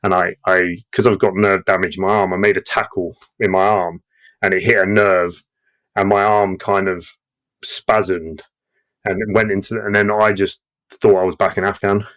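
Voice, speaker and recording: A man's voice: deep voice, flat delivery, normal speed, fairly bright tone. Profane man recounting war stories. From Britain. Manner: profane, acts out quoted voices, laughs often. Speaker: guest veteran. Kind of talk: casual war storytelling.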